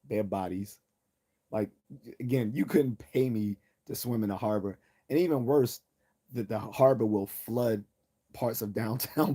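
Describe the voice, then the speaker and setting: A man's voice: on the low side, warm tone. A man hosting a livestream, rambling casually with lots of profanity and frequent laughter at his own jokes. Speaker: livestream host.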